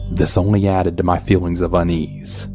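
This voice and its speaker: Deep-voiced man narrating a horror story. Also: flat delivery, moderate pace. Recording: soft background music.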